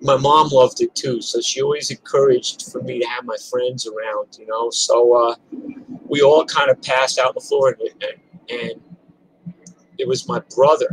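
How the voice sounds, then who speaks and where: A man's voice: mid-range voice, fairly even intonation, moderate pace, slightly rough, poor audio. Profane rambling New York storyteller man. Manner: rambling, profane, chatty with restarts. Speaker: musician telling stories on a livestream. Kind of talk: casual storytelling.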